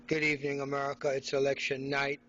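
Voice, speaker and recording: A man's voice: medium pitch, completely flat delivery, fast, fairly bright tone, dull audio, slight background noise. A middle-aged man from Haiti, ranting sarcastically and combatively into his phone in an indoor room. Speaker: vlogger. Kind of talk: ranting selfie monologue.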